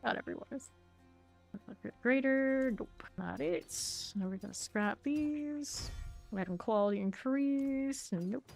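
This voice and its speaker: Gravelly-voiced woman streaming a game. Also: high voice, animated, slow pace, faint music behind. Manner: chatty, thinks aloud while sorting loot. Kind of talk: casual gameplay commentary.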